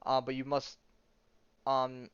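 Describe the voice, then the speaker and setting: A man's voice: mid-range voice, monotone, takes it slowly, fairly bright tone, clear, resonant tone, no room sound. A man voicing an eager-to-help male space dog who speaks in broken grammar and calls himself by name. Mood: earnest. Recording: dull lo-fi sound.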